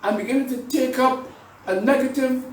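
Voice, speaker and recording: Priest preaching in an echoey church. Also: male voice, very high-pitched, brisk, recorded from a distance. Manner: conversational preaching with repetitions and rhetorical questions. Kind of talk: sermon.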